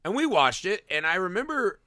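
A man hosting a podcast in casual chat, lively and swearing freely, laughing often. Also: high voice, brisk, no echo, clean studio sound. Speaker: podcast host.

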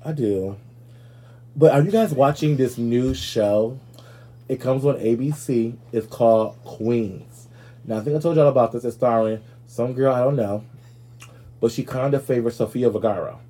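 A man's voice: mid-range voice, moderate pace, dark tone. A man hosting a show, giving brash, profane, gossipy commentary in a sassy comic style. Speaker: show host.

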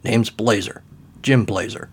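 A man's voice: fairly low pitch, measured pace. A man voicing a cool, commanding male private-eye boss in a comedic audio story. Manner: smooth, clipped and commanding.

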